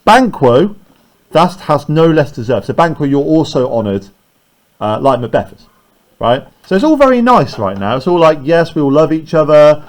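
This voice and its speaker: A man's voice: fairly high pitch, sing-song, moderate pace. A man teaching a class, explaining lines of a play and often checking in with "right?".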